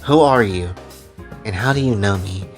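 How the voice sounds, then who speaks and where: A man voicing a wary, blunt young anime girl, asking suspicious questions in a low, quiet tone. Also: normal speed, faint music behind, lightly acted.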